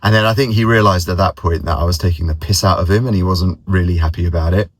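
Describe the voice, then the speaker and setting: Casual vlogger: man, very low voice, dry close sound, rambling anecdotes. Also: steady tone, fast talker, no room sound. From London, England. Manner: rambling, repeats words, mimics others' voices in anecdotes. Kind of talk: casual personal storytelling.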